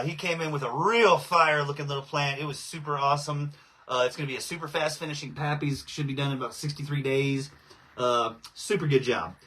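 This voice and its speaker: A man's voice: a little high, fairly bright tone. A man hosting a casual livestream, rambling with fillers and out of breath after coughing. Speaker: host of a cannabis grower livestream.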